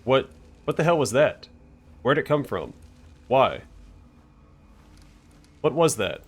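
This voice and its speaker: A man's voice: mid-range voice, sing-song, slow, slightly rough, heavily acted. A man reading the lines of an ashamed, bitter young man in a game, muttering and putting himself down. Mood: shocked. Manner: muttering, self-deprecating.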